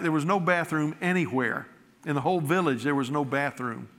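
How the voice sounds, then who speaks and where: A pastor telling a folksy, self-deprecating story in a sermon, acting out the dialogue of the people in it. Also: male voice, fairly high pitch, brisk, a bit bright, in a large hall.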